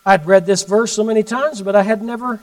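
High-voiced preacher, emphatic, off-mic. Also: male voice, fairly quick, recorded from a distance, low-quality recording. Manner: emphatic, swings from loud to hushed. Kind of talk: sermon storytelling.

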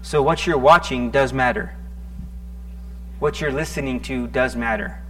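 A man preaching a sermon in a conversational, animated way, often restarting his words and joking at his own expense. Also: mid-range voice, unhurried. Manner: conversational, self-deprecating, animated with stuttering restarts. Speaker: pastor.

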